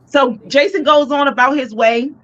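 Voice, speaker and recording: Animated, slangy woman storyteller. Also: high voice, moderate pace, highs cut off. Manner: animated, profane, slangy retelling. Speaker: podcast co-host. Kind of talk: casual storytelling.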